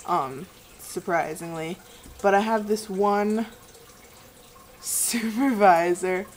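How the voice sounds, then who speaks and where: A woman's voice: medium pitch, slight background noise, rough recording. A young woman chatting casually to her webcam, reading viewer questions aloud and rambling through puzzled answers. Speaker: vlogger.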